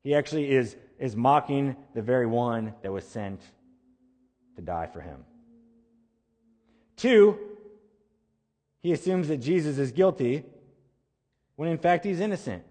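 Guy preaching a sermon, mid-pitch voice, punches words then drops quiet, long echo like a big church. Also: expressive, a little slow, long pauses. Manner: dynamic preaching, rising emphases and dropping to quiet ends. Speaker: pastor. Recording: long reverb of a large hall.

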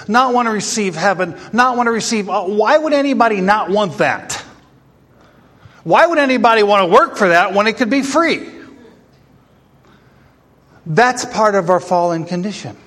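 A male pastor with a high, fairly bright voice preaches a sermon in an echoing hall with long reverb. He is emphatic and puts rhetorical questions to the congregation.

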